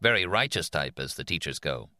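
A man's voice: very deep voice, lively intonation, a little fast, bright, forceful tone, no room sound, studio quality, heavily acted. A man doing a subdued, skeptical father. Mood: dry.

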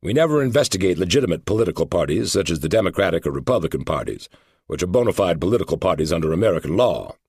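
A man's voice: low-pitched, very animated, rapid-fire, a little mellow, breathy edge, dry recording, studio quality, exaggerated voice. A man reading as a stern middle-aged male federal agent who talks in a formal, lecturing way. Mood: officious.

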